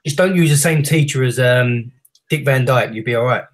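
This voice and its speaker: A man in a casual group livestream chat who chimes in with quick, helpful suggestions. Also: mid-range voice. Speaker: chat participant.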